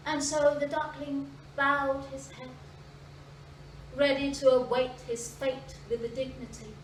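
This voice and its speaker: A woman storyteller performing a fairy tale live in a library, expressive, with dramatic pauses and voiced sound effects. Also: high-pitched, slight background noise. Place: library event space, indoors. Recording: echoey room from a distance.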